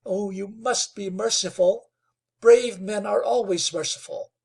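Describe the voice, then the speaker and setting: A man's voice: high-pitched, fairly even intonation, measured pace, vocal fry, a little mellow, breathy edge, voice pushed up, full character voice. A man doing an earnest, pleading young woman.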